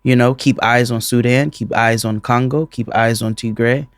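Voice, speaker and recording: A man co-hosting a podcast in casual chat, animated and profane, often breaking into laughter. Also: mid-range voice, normal speed, clean tone, no echo. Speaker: podcast co-host.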